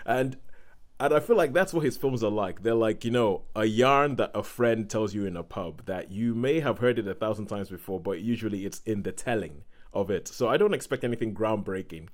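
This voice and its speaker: A man's voice: lowish voice, brisk. Man, podcast host, casual chat, explains at length, leads the conversation. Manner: steering the talk, spinning out long explanations.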